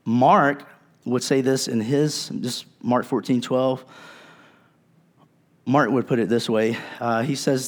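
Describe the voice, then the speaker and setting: A man's voice: mid-range voice, fairly even intonation, measured pace. A male pastor preaching a sermon in a conversational, earnest way, with casual asides to his congregation.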